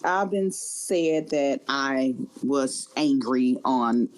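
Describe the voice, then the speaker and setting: A woman guest from Chicago who works in aviation, talking earnestly and fast in a casual interview, often repeating words. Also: extremely low pitch. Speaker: guest, airline professional.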